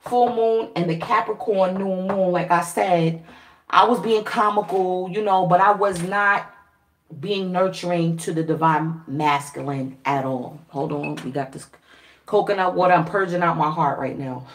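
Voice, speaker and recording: A woman vlogger telling a story to her viewers in a casual, animated way, swearing freely and laughing often. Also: lowish voice, measured pace. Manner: animated, profane, laughing, acts out quoted voices. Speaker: spiritual reader and vlogger. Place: at home.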